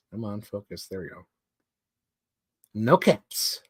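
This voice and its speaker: A man's voice: fairly low pitch, sing-song, slow pace, long pauses, husky, no echo. A man live streaming, chatting casually and rambling with lots of fillers as he shows off collectibles. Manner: chatty, rambling fan talk with many fillers. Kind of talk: casual chat.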